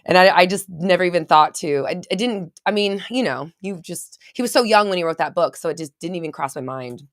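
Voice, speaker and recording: Woman host, low voice, casual chatty live-stream rambler, dry close sound. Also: fairly quick, dry recording. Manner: rambling, chatty, reads viewer comments aloud.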